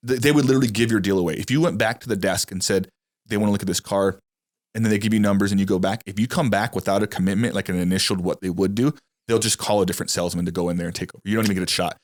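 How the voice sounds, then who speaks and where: A man's voice: lowish voice, racing. A young man hosting a casual podcast, telling stories and acting out the people in them. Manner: animated storyteller, acts out quotes. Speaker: podcast host.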